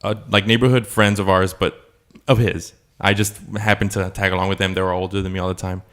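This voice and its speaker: Low-voiced man telling a rambling story. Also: level tone, brisk, a bit bright. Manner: rambling storytelling with frequent laughter and filler words. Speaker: podcast co-host. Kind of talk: casual chat.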